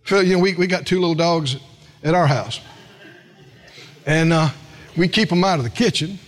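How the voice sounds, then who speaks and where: A man's voice: on the high side, moderate pace. A man preaching a sermon as pastor, folksy, calling on the congregation to respond.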